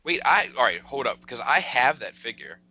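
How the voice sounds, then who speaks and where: A man's voice: mid-range voice, sing-song, normal speed, pushed and bright, dull audio. A man co-hosting a casual toy-collecting podcast, rambling with many fillers, restarts and curses. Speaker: podcast co-host. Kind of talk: casual chat.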